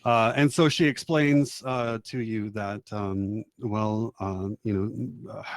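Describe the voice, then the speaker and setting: Low-voiced game master, dry and close. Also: male voice, slow, few pauses, dry recording. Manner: relaxed, rambling, with many fillers. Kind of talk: narrating a tabletop game.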